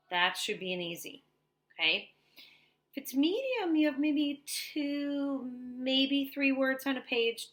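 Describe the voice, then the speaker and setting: A young woman teaching an online reading lesson to young children, animated and sing-song. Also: lowish voice. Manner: animated, sing-song, talking to little kids.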